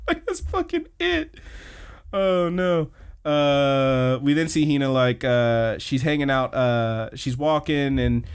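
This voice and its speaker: A man of middle pitch talking loosely on a podcast, recapping scenes in a relaxed, rambling way. He swears freely and drops into brief quoted lines as he tells the story. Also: takes it slowly, clear, resonant tone. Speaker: podcast co-host. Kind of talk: casual anime recap chat.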